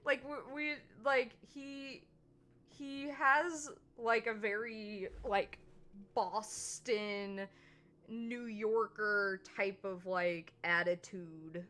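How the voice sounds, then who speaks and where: A woman's voice: medium pitch, steady tone, bright, forceful tone. A woman streamer giving casual, rambling commentary while playing a visual novel. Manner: chatty, rambling, quick asides with laughter.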